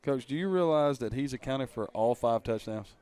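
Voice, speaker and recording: Male color commentator, bantering and teasing, plain mid-pitched voice. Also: expressive, normal speed, a little mellow, smooth. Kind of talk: live football color commentary.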